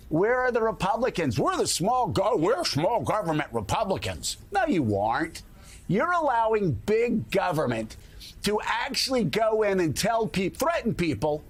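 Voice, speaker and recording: A man's voice: high voice, breathy edge. A middle-aged man hosting a morning talk show, delivering indignant, emphatic opinion commentary.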